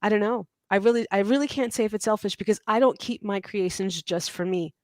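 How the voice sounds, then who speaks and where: A woman in her forties talks with lively, self-mocking warmth as an interview guest, laughing often. Her voice sits in a middle range and sounds dry and close, as if on a video call. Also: medium pitch, fairly quick, no echo. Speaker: podcast guest, teacher and mom. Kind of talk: casual interview chat.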